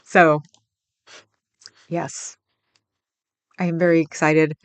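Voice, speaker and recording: A woman's voice: low voice, level tone, drawn-out words, clean tone, dry recording. A woman from the Bay Area hosting a casual livestream chat, answering viewers with frequent laughs. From San Francisco Bay Area. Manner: chatty, laughs often, rambling. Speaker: livestream host.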